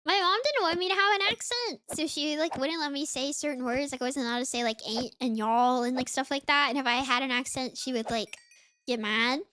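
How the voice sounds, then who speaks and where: A little fast and smooth, a high, bright-voiced young VTuber from the US South (Florida, Mississippi) chats casually while gaming. Her light Southern accent comes through a congested, sniffly voice, and her talk rambles, full of "like."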